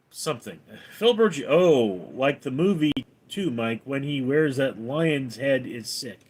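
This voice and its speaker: Man with a lively voice reading chat. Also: fairly high pitch, breathy edge. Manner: reads viewer comments aloud and answers offhand, deadpan. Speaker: livestream host reading chat. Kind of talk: casual livestream chat.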